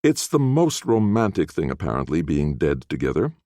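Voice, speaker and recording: A blunt, worldly woman teases and needles with a sardonic edge, her voice rising and falling in lively swings, as a man puts her on for an audiobook. The sound is dry, with no room echo. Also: a bass voice, moderate pace. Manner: sardonic, teasing. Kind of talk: audiobook character voice.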